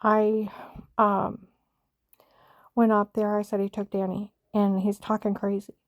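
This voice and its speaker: In a monotone, mid-range voice, a little slow and echo-free, a middle-aged mother shares a painful family story. It's casual personal storytelling that rambles emotionally, punctuated by fillers and restarts.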